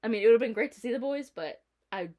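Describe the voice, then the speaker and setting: A young woman vlogging at home, chatting and telling a story with animated quoting and laughter. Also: a little high, fast talker. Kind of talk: casual chat. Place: indoors at home.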